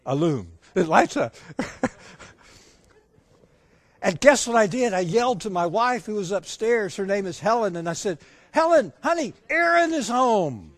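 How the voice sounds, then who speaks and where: A man's voice: high voice, animated, normal speed, no room sound. A man preaching a sermon, drawing in the audience with questions and acting out the dialogue of a family story. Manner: engaging, asks the audience questions.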